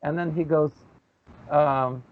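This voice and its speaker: A man's voice: on the high side, takes it slowly. Guy telling a story on a podcast, does the voices, sounds like a phone call. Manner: animated storyteller, acts out quoted voices. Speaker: podcast co-host. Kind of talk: casual chat. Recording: tinny phone-like audio.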